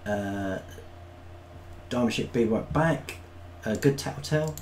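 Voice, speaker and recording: A man's voice: lowish voice, a little slow, over a noisy crowd. A man co-hosting a live stream, reading out viewer comments in a casual, hesitant way with many ums. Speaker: co-host reading chat.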